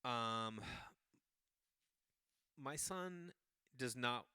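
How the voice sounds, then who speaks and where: A middle-aged man, hosting a podcast and telling a rambling, animated story in a casual monologue. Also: mid-range voice, extremely slow, clear, resonant tone, dry recording, clean studio sound. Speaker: podcast host.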